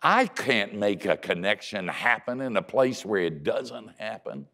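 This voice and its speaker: Older guy preaching, low voice, really animated, jokes at his own expense. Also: a little slow. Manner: storytelling with dry self-mocking humor; swings between loud emphasis and hushed quiet. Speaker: pastor. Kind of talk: sermon.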